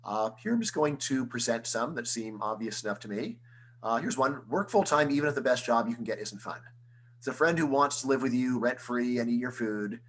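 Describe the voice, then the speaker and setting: A man, an economics professor, giving an online lecture in a conversational style, full of rhetorical questions and quick restarts. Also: medium pitch, lively intonation, a little hiss or hum, rough recording. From United States.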